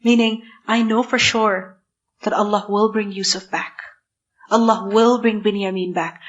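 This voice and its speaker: A woman giving a scripture lecture, emphatic, asking herself rhetorical questions and reciting Arabic verses quickly. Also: medium pitch, steady tone, muffled recording. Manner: emphatic, asks rhetorical questions then answers them. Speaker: Quran teacher. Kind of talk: tafsir lecture.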